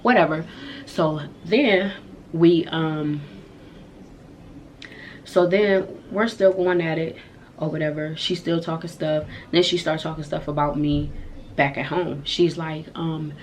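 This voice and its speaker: A woman's voice: low voice, fairly even intonation, slow pace, darkish tone, slight background noise. A young woman vlogger telling a story to her viewers in a candid, slangy and emphatic way. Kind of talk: storytime vlog.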